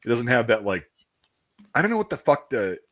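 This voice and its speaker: Thirties dude rambling and swearing, voice bounces all over, kinda dull lo-fi sound. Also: male voice, mid-range voice, very animated, fairly quick, a bit bright. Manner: rambling, profane storytelling. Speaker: podcast host. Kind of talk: casual chat.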